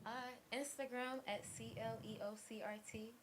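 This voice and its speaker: Hoarse young woman answering openly. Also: fairly high pitch, fairly even intonation, normal speed, a little hiss or hum. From Cincinnati. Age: 20s. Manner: warm, open and reflective. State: hoarse, has lost her voice. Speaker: guest musician. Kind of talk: live interview answers.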